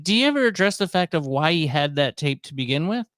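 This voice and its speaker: A man's voice: on the high side, big pitch swings, quick pace, a bit bright, no echo, clean studio sound. Wry male podcast host. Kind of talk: casual chat.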